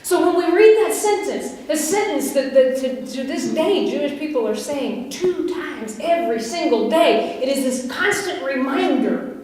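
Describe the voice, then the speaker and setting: A woman's voice: high-pitched, expressive, measured pace, darkish tone. A woman pastor with a West Virginian accent, preaching a sermon in a conversational way, laughing and asking the congregation questions. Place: church sanctuary. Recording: echoey church hall mic from a distance.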